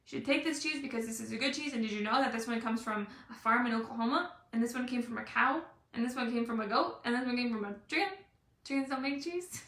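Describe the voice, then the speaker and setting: A woman's voice: fairly high pitch, quick pace, a bit bright, echoey room, far from the mic. A woman acting out a pushy man selling cheese samples, rattling off facts insistently.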